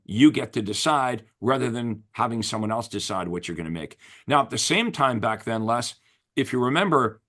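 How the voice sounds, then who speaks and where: A man's voice: medium pitch, a bit bright. A man hosting an interview as a real estate coach, talking in an emphatic, enthusiastic coaching tone. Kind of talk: casual interview chat.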